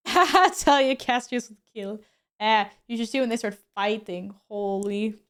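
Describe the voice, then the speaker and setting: A woman's voice: a little high, takes it slowly, clean tone. A young woman streamer chatting casually with her viewers, laughing often and exclaiming as she comments on her cats.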